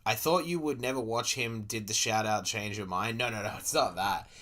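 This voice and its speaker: A young man with an Australian accent rants his way through a video reaction, swearing freely and dripping sarcasm. His voice sits a little low. The talk is loose and unscripted. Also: moderate pace, sharp tone. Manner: profane, sarcastic ranting. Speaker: streamer. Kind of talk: casual reaction commentary.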